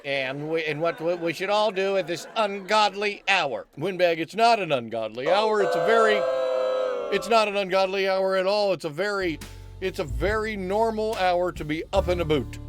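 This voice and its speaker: A man's voice: high voice, normal speed, over music. A man hosting a comic stream, rambling and stammering, often cutting himself off and answering his own questions. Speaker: comedy stream host. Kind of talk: rambling comic livestream banter.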